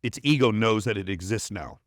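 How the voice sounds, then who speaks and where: A man with a fairly low voice talks as a podcast guest in a dry studio. He is blunt and emphatic, swearing freely as he hammers home his points. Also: a little fast, dry recording. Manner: blunt, profane, emphatic storytelling. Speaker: performance coach, podcast guest. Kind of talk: casual interview chat.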